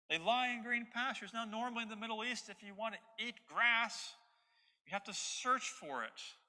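A man's voice: high-pitched, pushed and bright. A man preaching an expository sermon as pastor, stressing his points through repetition. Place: church sanctuary. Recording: long hall reverb.

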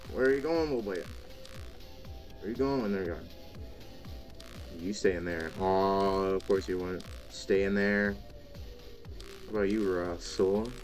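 A man giving let's play commentary, talking to the game's characters and breaking into startled exclamations. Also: on the low side. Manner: talks to game characters, frequent startled exclamations. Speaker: gaming video host.

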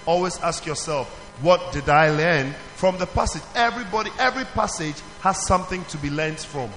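A man with a high voice leads a children's church through its lessons, firing questions and waiting for the answers. He calls on the group again and again. The sound carries a long reverb from a large hall. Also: normal speed, soft background music. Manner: animated, questioning the audience, calling for answers. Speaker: pastor teaching children. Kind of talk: call-and-response teaching to a children's church.

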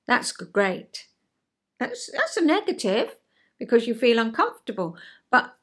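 A woman's voice: fairly high pitch, big pitch swings, moderate pace. An older woman and retired counsellor giving a chatty, homely explanation in her vlog, full of rhetorical questions.

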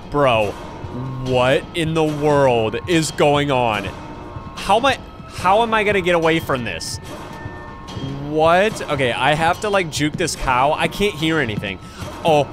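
A young man commentating on a horror game as he plays, excitable and jumpy, often yelping in fright. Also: on the high side, unhurried, music in the background. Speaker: gaming YouTuber. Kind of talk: let's play commentary. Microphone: headphones and desk mic.

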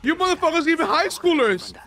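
A young man hosting an anime reaction, talking in an excitable, casual way, swearing a lot and laughing often. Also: extremely high pitch, fast, soft background music.

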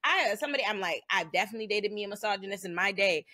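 Woman host, casual panel chat, quick blunt delivery, dry call audio. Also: medium pitch, lively intonation, sharp tone, dry recording. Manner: blunt, profane, emphatic. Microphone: video call.

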